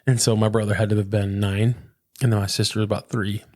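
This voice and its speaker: An earnest man in his thirties with a lowish voice, talking as a pastor in a relaxed interview. He is recorded close and dry, with almost no room sound. He speaks reflectively and keeps dropping in "man" and "dude". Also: quick pace, no room sound. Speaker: pastor, podcast guest. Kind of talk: casual conversational interview.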